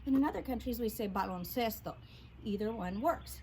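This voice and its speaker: A woman's voice: fairly high pitch, lively intonation, brisk, heavy background noise. A woman teaching a children's Spanish vocabulary lesson, upbeat and prompting her class to repeat each word.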